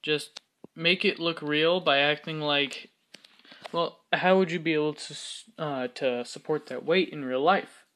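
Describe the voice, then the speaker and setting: A man's voice: a little high, measured pace, bright, forceful tone. A man hosting a casual tutorial on building, talking in a hesitant way with lots of fillers and self-mocking asides. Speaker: Minecraft building tutorial host. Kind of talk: casual screen-recorded tutorial commentary.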